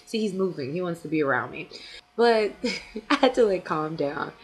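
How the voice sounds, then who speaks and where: A young woman vlogging casually to camera as a fan blogger, chatty and full of fillers, with quick laughs. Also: on the low side, expressive.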